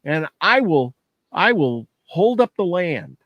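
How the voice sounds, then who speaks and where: A man's voice: high-pitched, big pitch swings, slow pace, dull audio, voice pushed up, heavily acted. A man voicing a big, willing male turtle in a spoken legend, talking plainly and assuredly.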